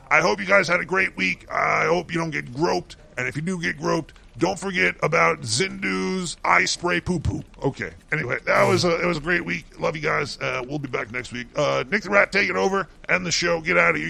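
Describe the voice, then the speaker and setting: A man's voice: on the high side, creaky, pushed and bright. A man co-hosting a comedic talk show, delivering a profane, mocking rant. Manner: ranting, swears constantly, mocking. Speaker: co-host doing a segment.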